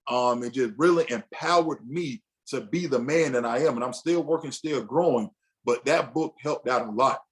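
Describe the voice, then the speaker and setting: A man's voice: medium pitch, moderate pace. Man teaching a casual men's session. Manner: conversational, loose, with frequent restarts and acted-out inner dialogue. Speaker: men's group facilitator.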